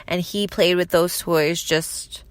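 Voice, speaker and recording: A young woman hosting her own podcast, chatting casually with lots of fillers and lively quoted voices. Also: fairly low pitch, slow pace, clear, resonant tone, no room sound. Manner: chatty, lots of fillers, animated when quoting people. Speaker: podcast host. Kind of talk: casual solo podcast chat.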